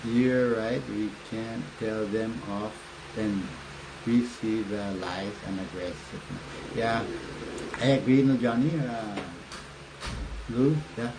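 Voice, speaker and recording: An older man from the Northern Mariana Islands hosting a political livestream, talking in a rambling, halting way with lots of fillers. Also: lowish voice, noisy background. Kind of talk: casual livestream talk. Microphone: phone or webcam livestream.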